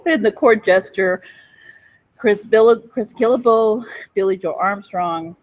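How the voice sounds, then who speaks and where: A woman's voice: medium pitch, takes it slowly, low-quality recording. A woman in her forties talking in a rambling, profane monologue, often breaking into giggles. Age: 40s.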